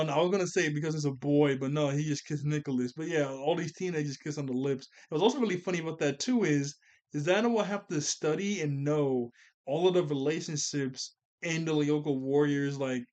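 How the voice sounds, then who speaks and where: A man's voice: on the high side, steady tone, moderate pace, a little mellow. A man giving a casual, rambling recap of a cartoon episode as a reviewer. He often corrects himself and laughs as he talks.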